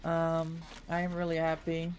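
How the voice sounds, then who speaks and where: A woman's voice: deep voice, completely flat delivery, measured pace, darkish tone, slight background noise. A woman livestreamer chatting casually with her viewers while she plays, thanking them by name as she goes.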